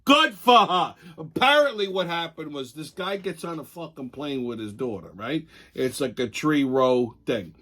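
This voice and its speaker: A man's voice: fairly high pitch, lively intonation, normal speed, sharp tone. A man hosting a show, delivering an angry, profane ranting commentary. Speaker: show host.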